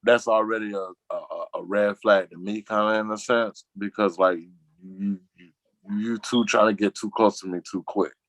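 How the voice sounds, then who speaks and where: A man talks in a low, deep voice, recorded dry and close. He rambles through casual chat in slang and drops his voice to act out things his friends say. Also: fairly even intonation, normal speed, no room sound, rough recording. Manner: rambling, slangy, acts out quotes in a lower voice. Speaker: guest on a talk show.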